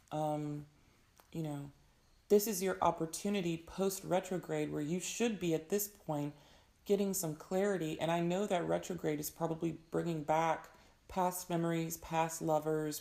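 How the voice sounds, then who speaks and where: A young woman with a hoarse voice giving an earnest, advising tarot reading in casual talk. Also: sits low, warm tone. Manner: earnest, advising, frequent fillers. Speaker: tarot reader.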